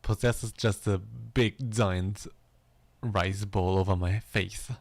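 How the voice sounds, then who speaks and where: A low, gravelly male voice chatting casually with his stream viewers. He is playful and quick to laugh at himself. The sound is close and dry, with no room around it. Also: fairly even intonation, dry recording. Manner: playful, self-mocking, laughs often. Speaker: livestreaming musician.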